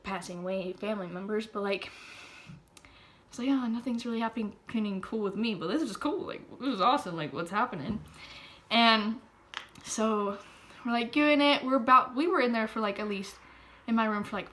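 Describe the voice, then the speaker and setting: A teenage girl in a casual vlog, retelling a spooky night with constant fillers. Her voice sits at an ordinary pitch for a young woman. She slides between excited chatter and hushed, breathy whispers. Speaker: vlogger. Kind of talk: casual storytelling.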